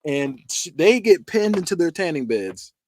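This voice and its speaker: A man's voice: fairly high pitch, big pitch swings, moderate pace, darkish tone. A man hosting a podcast, chatting casually and animatedly about movies, laughing, swearing and acting out scenes. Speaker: podcast host. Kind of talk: casual movie-review chat.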